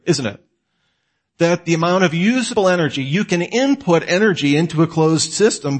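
Animated man lecturing to the listener. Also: fairly high pitch. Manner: animated, asks the listener questions and answers them himself. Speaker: apologetics teacher. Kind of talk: conversational lecture.

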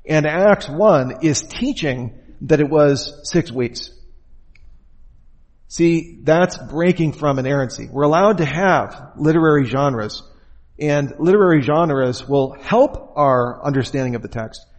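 A man's voice: fairly high pitch, expressive, slow, big-room sound. A man giving an informal lecture as a Bible teacher, talking conversationally and putting rhetorical questions to his listeners.

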